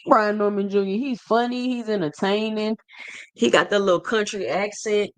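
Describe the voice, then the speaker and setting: A man's voice: sits high, steady tone, normal speed, clear, resonant tone. A man hosting a boxing livestream, talking casually and slangily straight to his chat and reading out viewer comments.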